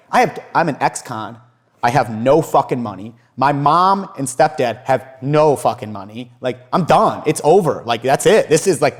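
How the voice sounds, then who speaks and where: Animated, profane young man telling stories. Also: mid-range voice. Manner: animated, profane, laughs often, acts out quotes. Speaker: podcast guest, entrepreneur. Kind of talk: casual storytelling interview.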